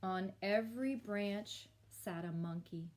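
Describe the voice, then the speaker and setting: A woman teacher reading a picture book aloud to children, with expressive storytelling and little asides. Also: mid-range voice, slow. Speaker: elementary school teacher.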